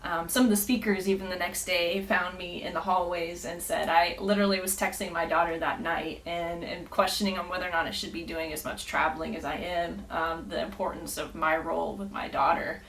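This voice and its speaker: A woman's voice: on the low side, level tone, brisk, few pauses, a bit bright, slight background noise, low-quality recording. Earnest storytelling woman, laughs often. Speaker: podcast guest. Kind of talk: casual storytelling.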